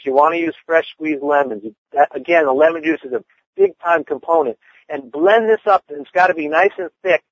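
A man's voice: a little high, fairly bright tone, no room sound. A man chatting casually about cooking, rambling with lots of fillers. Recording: dull lo-fi dry sound.

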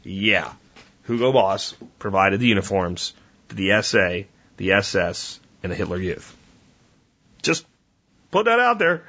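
A man hosting a podcast, reading history notes and breaking off for sarcastic, deadpan asides and quick self-corrections. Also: deep voice, dull audio. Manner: conversational, with small slips and corrections. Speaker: podcast host.

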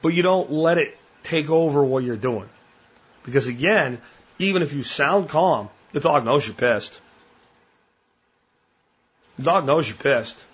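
Podcast host, male, blunt and plain-spoken, husky tone, dull lo-fi sound. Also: on the high side, expressive, a little slow, long pauses. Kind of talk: casual monologue.

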